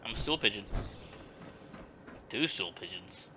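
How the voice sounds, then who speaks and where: A man's voice: lowish voice, animated, unhurried, vocal fry, background noise. A man in casual chat while playing a video game with friends, laughing often and cracking crude jokes. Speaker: gamer.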